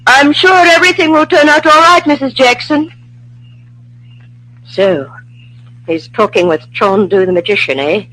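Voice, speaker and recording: A woman's voice: high voice, measured pace, long pauses, fairly bright tone, poor audio. A woman playing a wary female spy, anxious and cautious, in 1940s radio acting style. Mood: sweet.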